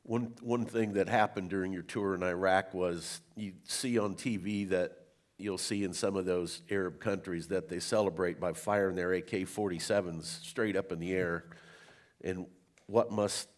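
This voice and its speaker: A man with a very deep voice asks interview questions. He speaks in a measured, plain way. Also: steady tone.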